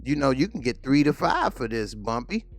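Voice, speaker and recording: A man voicing a hostile, taunting male police officer who sneers and shouts. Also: medium pitch, big pitch swings, normal speed, faint music behind, voice pushed up. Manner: sneering, aggressive, loud.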